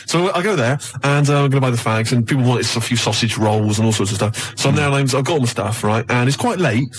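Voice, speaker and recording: A man's voice: mid-range voice, animated. An Englishman telling a long, rambling anecdote as co-host of a radio chat show. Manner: rambling storyteller, fast.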